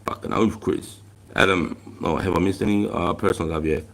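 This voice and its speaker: This Australian host in his forties speaks in a low, creaky voice with a steady tone, fairly quickly. On his casual livestream he chats with viewers, reads comments, and tells blunt stories full of swearing and slang.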